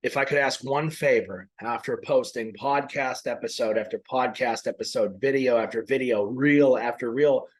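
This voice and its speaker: Male podcast host, mid-pitched, loose rambling delivery with restarts, a bit winded. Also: normal speed, few pauses, breathy edge, rough recording. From Maine. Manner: rambling, self-correcting. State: a little out of breath. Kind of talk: casual faith talk.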